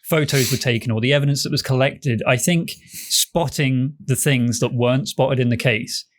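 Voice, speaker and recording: A man's voice: medium pitch, fairly even intonation, normal speed. A man co-hosting a casual podcast chat about game design, talking animatedly, acting out little quotes and swearing casually. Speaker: podcast co-host, game developer.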